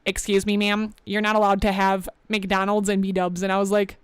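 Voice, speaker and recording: A woman's voice: mid-range voice, completely flat delivery, moderate pace, clean tone, no room sound. A young woman streaming casually, chatting with her viewers and reading the chat aloud. She is a bit scatterbrained, laughs often and sounds slightly out of breath. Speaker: VTuber streamer.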